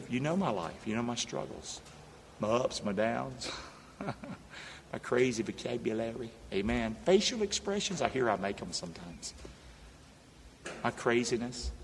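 A man's voice: mid-range voice, animated, normal speed, vocal fry, pauses often, big-room sound, slight background noise. A man preaching a sermon in a church, urging the congregation to call back to him. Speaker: pastor. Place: church sanctuary.

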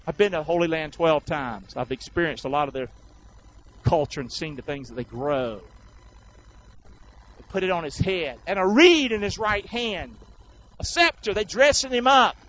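A man's voice: a little high, lively intonation, normal speed, a bit bright. A male preacher, delivering a sermon in call-and-response style and acting out the crowd and soldiers. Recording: dull lo-fi sound.

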